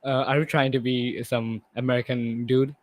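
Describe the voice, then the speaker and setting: A man's voice: mid-range voice, little pitch movement, moderate pace, dry recording. Hesitant young man, slightly British-sounding Indian accent. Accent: neutral, slightly British-sounding Indian. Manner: hesitant, many fillers and restarts. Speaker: podcast host. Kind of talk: casual chat.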